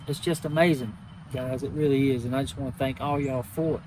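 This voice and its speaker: A man's voice: medium pitch, fairly even intonation, a little fast, a little mellow, a little hiss or hum. An older man, hosting a knife channel, talking to his viewers in a heartfelt, humble, emotional way and repeating himself often. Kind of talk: casual heartfelt talk to viewers.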